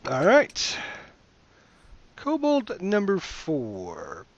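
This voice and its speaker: A man's voice: sits high, wildly swooping pitch, drawn-out words, no echo, dull audio. A man narrating a tabletop game as game master, meandering and hesitant, with many fillers, heard over voice chat.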